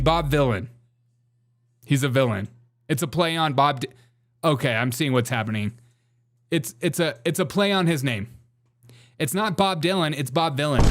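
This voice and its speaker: A man's voice: a little high, background noise. A man hosting a casual livestream, talking in a sarcastic, mock-outraged way and laughing often. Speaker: livestream host. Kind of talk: satirical casual livestream commentary.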